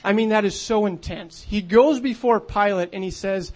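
A man's voice: high-pitched, moderate pace, hardly any pauses. A man preaching a sermon in an earnest, conversational way, with frequent fillers.

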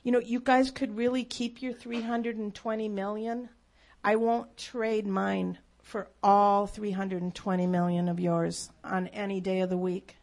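A woman's voice: mid-range voice, flat delivery, measured pace, darkish tone. A woman telling a faith story as a sermon, earnest and emphatic. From United States. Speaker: speaker.

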